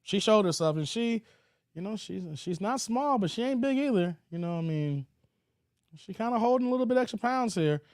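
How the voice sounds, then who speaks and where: A man's voice: high-pitched, lively intonation, moderate pace, a little mellow, clean tone, dry recording, studio quality. A man hosting a livestream, reading viewer comments aloud and reacting in laid-back slang. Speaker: livestream host.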